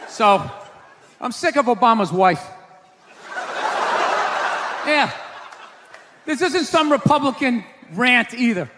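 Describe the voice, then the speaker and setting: A man doing a stand-up comedy set on a stage before a live audience, ranting and often shouting his punchlines. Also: extremely high pitch, animated, unhurried, long pauses. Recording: live show hall with crowd noise. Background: audience laughter and murmur.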